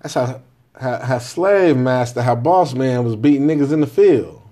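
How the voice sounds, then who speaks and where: A man's voice: mid-range voice, lively intonation, normal speed, dark tone. Blunt, candid man telling a story. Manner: blunt, candid storytelling with constant "right?" check-ins and profanity. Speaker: father sharing parenting views. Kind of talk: casual monologue to camera.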